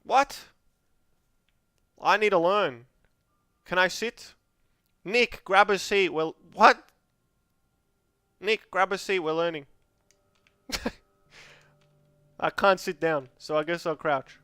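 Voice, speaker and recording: A man's voice: high voice, takes it slowly, pauses often, pushed and bright, no echo. A man with an Australian accent giving rambling, joking gameplay commentary as a streamer, laughing often into a close microphone.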